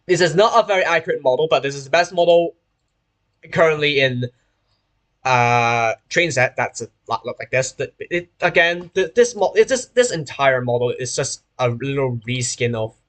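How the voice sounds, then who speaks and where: A man's voice: medium pitch, expressive, normal speed, fairly bright tone. A young man from Hong Kong with a British-sounding accent and a sore throat, chatting casually on a stream, rambling and often correcting himself mid-sentence. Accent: British-sounding English. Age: young adult. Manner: rambling and self-correcting, often restarting phrases. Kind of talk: casual live-stream chat while playing a train simulator.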